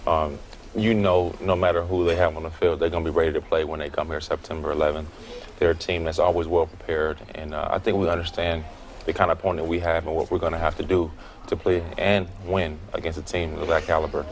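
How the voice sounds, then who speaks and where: Deep-voiced male athlete, relaxed and thoughtful. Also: quick pace, a little hiss or hum. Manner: relaxed, thoughtful, hesitant with fillers. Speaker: interview guest, football player. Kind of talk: casual interview.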